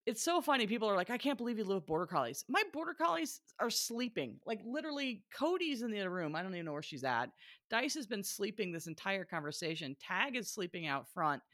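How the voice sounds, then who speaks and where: A woman dog trainer in casual chat, talking in a chatty, lively way and laughing often. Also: medium pitch, a little fast, dry recording, studio quality.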